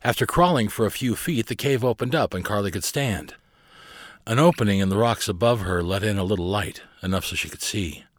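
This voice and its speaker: A man narrating a children's storybook aloud with expressive, lively storytelling, close to the mic. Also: fairly low pitch, fairly quick, no room sound. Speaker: audiobook narrator.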